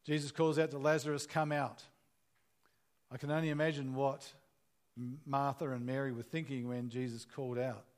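A man's voice: mid-range voice, level tone, normal speed. Earnest man preaching a sermon. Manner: earnest, conversational preaching with rhetorical questions.

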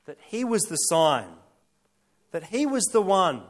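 High-voiced man preaching a sermon. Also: big pitch swings, slow. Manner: emphatic, builds repeated lists and rhetorical questions. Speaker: pastor.

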